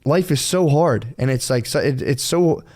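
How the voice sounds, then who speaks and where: A man's voice: mid-range voice, moderate pace, darkish tone. A man co-hosting a casual podcast, rambling and swearing freely as he talks through his own experiences. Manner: rambling, swears freely, quotes himself in other voices. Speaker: podcast co-host.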